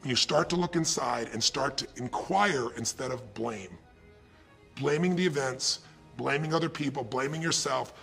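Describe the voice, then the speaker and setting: A man's voice: a little high, a bit bright. A man giving a motivational speech, retelling a coaching story in quoted dialogue and asking the audience rhetorical questions. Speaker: motivational speaker.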